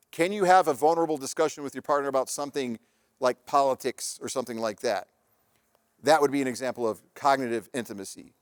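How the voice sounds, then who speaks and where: A man's voice: mid-range voice, no room sound, studio quality. A man giving a live talk on relationships, telling anecdotes in a conversational way with frequent restarts. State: married father. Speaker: presenter on relationships and parenting.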